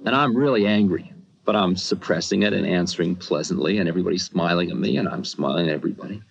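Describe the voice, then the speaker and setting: A man's voice: deep voice, quick pace, creaky, dull audio. A man telling a personal story in a rambling, conversational talk full of asides.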